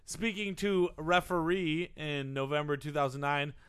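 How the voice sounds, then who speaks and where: A man with a high, bright, forceful voice reads facts aloud to his co-hosts. He breaks up the reading with jokey asides in a casual podcast chat. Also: little pitch movement, a little slow, smooth. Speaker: podcast co-host reading a biography.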